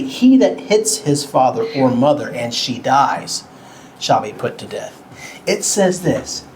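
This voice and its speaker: Guy teaching the bible to kids, slow and kinda cartoonish, asks them stuff, faint hiss behind. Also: medium pitch, big pitch swings, darkish tone, rough recording. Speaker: pastor teaching children.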